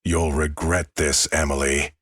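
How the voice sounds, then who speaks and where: A man's voice: extremely low pitch, flat delivery, measured pace, fairly bright tone, husky, no room sound, full character voice. A man voicing a cold, controlling seventy-year-old millionaire in a menacing growl, recorded dry and close. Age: older.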